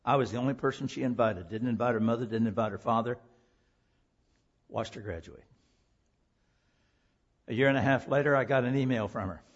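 A man preaching a sermon through a personal story, impassioned, swinging from loud pleading down to a hush. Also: medium pitch, slightly rough, highs cut off. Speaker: preacher and teacher.

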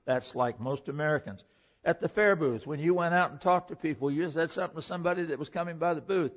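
A male pastor preaching a sermon, reading scripture aloud and explaining it with animated emphasis. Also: a little high, quick pace, dull audio.

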